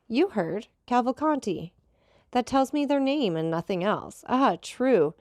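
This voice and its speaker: A man's voice: very high voice, expressive, measured pace, no echo, pitched above the performer's own voice, exaggerated voice. Woman voicing the Count, suave and ironic. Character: mysterious wealthy male count, calm, ironic host.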